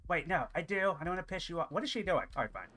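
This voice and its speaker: A man's voice: on the high side, very animated, racing, bright, forceful tone, slight background noise. A man commentating a horror game as he plays, joking and talking back to the character chasing him, with yelps and laughter. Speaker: gaming commentator. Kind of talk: let's play commentary. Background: horror game music.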